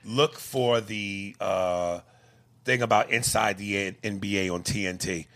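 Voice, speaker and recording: A man hosting a podcast, reading listener emails aloud in casual chat, profane and quick to laugh. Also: fairly low pitch. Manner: profane, laughing, animated reader.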